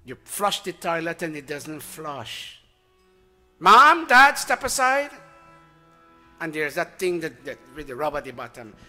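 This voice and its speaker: An older man leads a devotional gathering in a high, bright voice. He coaxes his students, praises their reading, and chants Sanskrit verses slowly. Faint music plays behind him. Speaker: teacher leading a satsang. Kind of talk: sermon with recitation.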